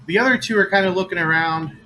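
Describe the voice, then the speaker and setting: A man's voice: high voice, fast, bright, forceful tone, slight background noise, rough recording. A man running a tabletop game at a dinner table, describing scenes and settling rules matter-of-factly. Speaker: game master.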